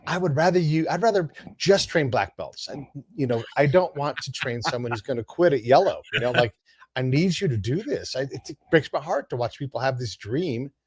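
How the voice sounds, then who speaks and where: A man hosting a podcast, talking energetically with quick asides and restarts in a casual conversation. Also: medium pitch, lively intonation, slightly rough, dry recording, studio quality. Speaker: podcast host.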